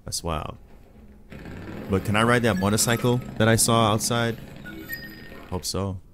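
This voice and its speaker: Deep-voiced laid-back game commenter. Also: male voice, steady tone, measured pace, over music. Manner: laid-back, rambling, chatty. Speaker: gaming channel host. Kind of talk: casual gameplay commentary.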